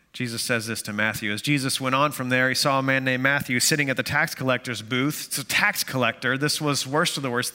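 A man's voice: mid-range voice, bright, forceful tone, big-room sound. A man preaching a sermon to his church in a conversational way, with self-deprecating jokes and many fillers. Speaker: pastor.

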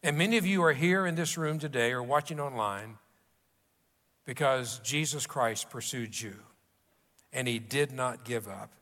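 A man's voice: mid-range voice, unhurried, fairly bright tone. Man preaching in an echoing church. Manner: storytelling, folksy and conversational with restarts. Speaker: pastor. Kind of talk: sermon. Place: church sanctuary. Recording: long reverb of a church hall.

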